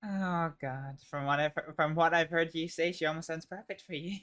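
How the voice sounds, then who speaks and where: A woman's voice: deep voice, steady tone, normal speed, a bit bright. A woman roleplaying in a western game, answering politely with frequent laughter. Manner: polite, laughs often, short responses. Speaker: roleplayer and streamer. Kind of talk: in-character roleplay chat.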